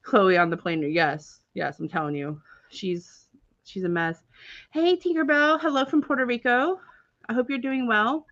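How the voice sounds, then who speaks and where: Woman stream host doing casual storytelling; chatty and animated, with dull, dry lo-fi audio. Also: a little high, a little slow, dry recording. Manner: animated, chatty, with many filler words and frequent laughter.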